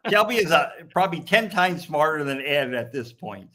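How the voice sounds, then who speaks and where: A man's voice: fairly high pitch, animated, moderate pace, bright, forceful tone. A man in his sixties hosting a casual live stream chat, teasing his friends. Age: 60s. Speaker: host.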